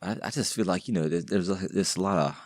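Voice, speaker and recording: Speaking quickly in a deep voice, a man runs his own podcast as a casual solo monologue. He rambles, jokes and uses slang, restarting often, and the recording is dry with clean studio sound.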